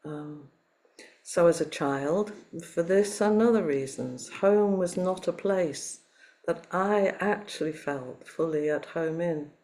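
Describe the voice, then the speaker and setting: Reflective English woman giving a dharma talk. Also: fairly low pitch. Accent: none, not Liverpool; Southern English. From Liverpool, England. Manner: reflective, gentle, with pauses and fillers.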